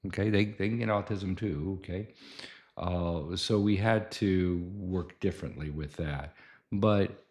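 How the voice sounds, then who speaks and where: A man's voice: sits low, a little slow, darkish tone. A middle-aged man, a doctor hosting a talk show, explaining in a casual, anecdotal way and acting out quoted lines.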